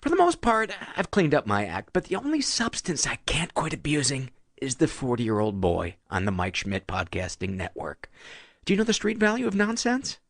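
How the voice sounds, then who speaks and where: Man with a lively, gravelly promo read. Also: medium pitch, normal speed, dry recording, studio quality. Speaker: promo guest.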